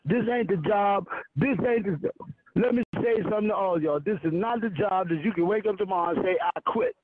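A man giving a casual, animated spiritual talk from a park, swearing freely and having listeners fill in his words. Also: high voice, a little fast, no room sound. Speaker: spiritual teacher. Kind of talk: casual preaching talk on a call. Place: outdoors in a park. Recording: phone line, dry.

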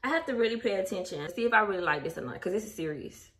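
Chatty woman vlogger, bright voice. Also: mid-range voice, lively intonation, racing. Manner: chatty, talks straight to viewers, emotional. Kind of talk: casual vlog chat. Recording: distant mic, faint background noise.

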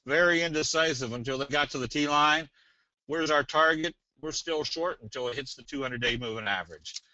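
A man presenting a trading webinar in a casual, folksy, joking way with a salesy pitch. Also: fairly quick, bright, forceful tone, dry recording. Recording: dull dry webinar audio.

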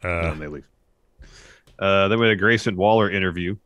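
Very deep-voiced deadpan man recapping. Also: a little fast, no echo. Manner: dry, deadpan quips. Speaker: podcast co-host. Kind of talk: casual wrestling recap chat.

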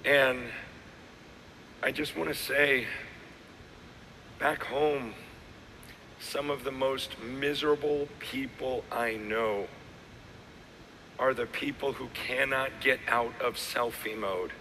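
A middle-aged male pastor preaching a sermon, his voice hoarse and worn out, swinging between shouted lines and quiet asides. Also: mid-range voice, fairly even intonation, takes it slowly, long pauses. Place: large hall with live audience. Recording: long hall reverb, faint noise.

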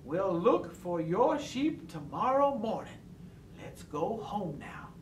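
A calm old village man speaks gently and reassuringly, as a man puts him on. He talks slowly. The recording is roomy and distant, with faint noise behind it. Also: high voice, exaggerated voice.

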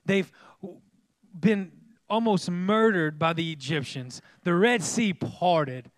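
A man preaching a sermon in church in a lively, joking way, with sudden loud exclamations. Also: high voice, slow pace, dry recording, studio quality. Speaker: pastor.

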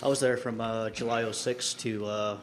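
A man hosting a podcast, talking earnestly and relaxed with a fellow veteran. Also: lowish voice, normal speed, a little hiss or hum. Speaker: podcast host, army veteran. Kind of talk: casual interview chat.

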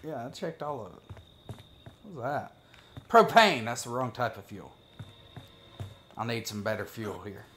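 A man's voice: medium pitch, expressive, normal speed, long pauses, fairly bright tone, soft background music. A man giving casual, profane gameplay commentary as a gaming video creator, joking and talking to himself as he plays.

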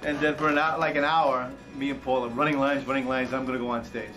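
A man telling a lively anecdote about a friend in an interview, speaking casually and getting worked up as he goes. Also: medium pitch, fast, music in the background, rough recording. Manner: animated storyteller, builds to excitement. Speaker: friend and colleague.

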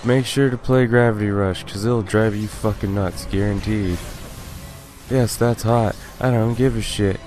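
Young man, let's play commentary, profane exasperated rant, lowish voice, faint game music behind. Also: steady tone, unhurried, a little mellow. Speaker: gaming YouTuber.

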